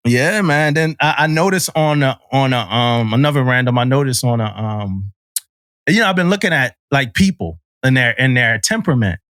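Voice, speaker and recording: A man's voice: medium pitch, animated, normal speed, fairly bright tone, no echo, studio quality. A man chatting casually on a podcast, telling stories with slang and frequent laughter. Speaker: podcast co-host, Navy sailor. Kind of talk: casual chat.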